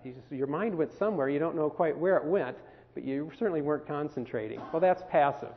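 A man's voice: a little high, a little fast. Man teaching in a reverberant hall. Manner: conversational, asks the group questions. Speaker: workshop presenter. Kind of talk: talk to a camp group. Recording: phone-quality recording in a reverberant hall.

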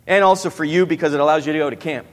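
A man's voice: fairly high pitch, rapid-fire. A man in his thirties preaching a sermon, asking the audience questions and tagging many lines with "right?". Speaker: youth pastor. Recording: long hall reverb.

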